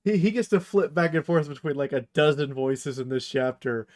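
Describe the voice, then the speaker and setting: A man with a fairly high voice, chatting on a podcast. He is enthusiastic as he describes scenes and swears casually. His delivery is loose and conversational. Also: normal speed. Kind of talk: casual podcast chat about a novel.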